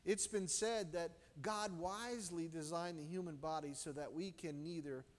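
Male preacher with a high voice, storytelling sermon with sharp swings in loudness, in a reverberant hall. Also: normal speed. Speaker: pastor.

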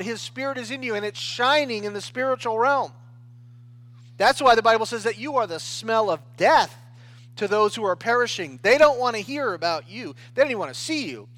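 A man with a high voice delivers a sermon in an easy, conversational way. He talks the way people do in everyday speech, restarting phrases and often pausing to check in with his listeners. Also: lively intonation, fairly bright tone, no room sound. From United States. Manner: conversational preaching with frequent "right?" and restarts. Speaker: pastor.

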